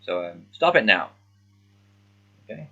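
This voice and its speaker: A man with a lowish, bright, forward voice talks slowly through a read-along. He thinks aloud and sounds out unfamiliar words haltingly. The recording is somewhat dull and lo-fi. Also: very animated, husky. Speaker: language learner. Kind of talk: casual read-along commentary.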